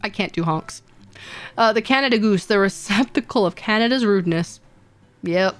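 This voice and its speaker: Speaking at normal speed in a mid-range voice, a young female VTuber streamer chats casually with her livestream. She's bubbly and rambling, laughing frequently and repeating herself.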